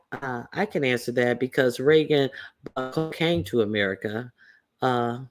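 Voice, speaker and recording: This man hosts a livestream at a medium pitch. He talks loosely and chattily, with lots of "uh"s and fresh starts, working through his points out loud. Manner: loose, conversational, many fillers and restarts. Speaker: livestream host. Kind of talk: casual livestream commentary.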